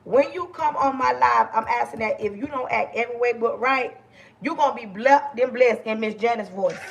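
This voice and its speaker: Loud, passionate woman livestream host, gravelly. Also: a little high, brisk. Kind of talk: casual livestream talk to viewers.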